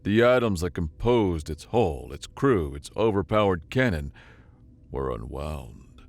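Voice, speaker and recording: A man reading a sci-fi story as narrator, with dramatic, expressive delivery. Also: low voice, a little slow, vocal fry, no echo.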